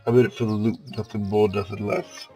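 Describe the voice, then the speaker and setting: A man putting on a gruff, greedy talking bag. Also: lowish voice, flat delivery, a little fast, mellow, soft background music, close to an everyday voice, low-quality recording. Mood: sardonic. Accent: New York or Boston put-on. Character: cynical greedy male talking magic bag.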